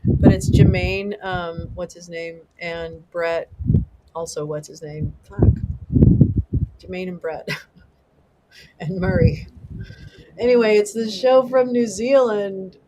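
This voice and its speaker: A middle-aged livestream host chatting casually with viewers, excitable and rambling, swearing freely. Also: mid-range voice, takes it slowly, pauses often, a little hiss or hum, poor audio.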